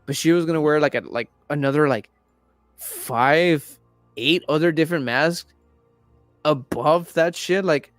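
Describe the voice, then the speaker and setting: A young man in casual chat, rambling and swearing a lot while retelling a story with animated energy. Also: fairly high pitch, unhurried, no room sound, soft background music. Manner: acts out quoted characters in raised voices. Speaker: podcast host.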